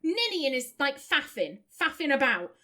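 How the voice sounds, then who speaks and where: A young woman from Lancashire with a softened Lancashire accent, chatting casually and rambling as she plays and comments on a game. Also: sits high, sing-song, normal speed. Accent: Lancashire, softened toward standard British. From Lancashire, England. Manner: chatty, rambling, stumbling restarts, laughing asides. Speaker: game streamer. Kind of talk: casual let's play commentary.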